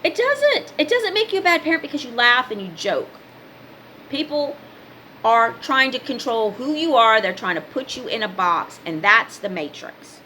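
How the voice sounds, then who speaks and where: A woman's voice: on the high side, sing-song, moderate pace, sharp tone, a little hiss or hum. A woman in her fifties giving a blunt, emphatic motivational talk in a casual vlog. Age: 50s. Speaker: spiritual vlogger and card reader.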